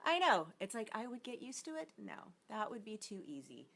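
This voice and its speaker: A woman's voice: fairly high pitch, big pitch swings, normal speed, creaky, fairly bright tone. A woman hosting a casual livestream as an acting coach, bubbly and chatty, greeting viewers by name as she talks. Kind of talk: casual live-stream chat.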